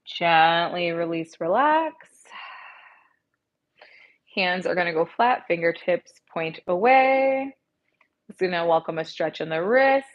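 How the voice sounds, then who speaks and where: A woman yoga instructor calmly guiding a class through stretches, speaking into an earpiece mic. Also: fairly low pitch, moderate pace, muffled recording. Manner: gentle, calm cueing with soft encouragement.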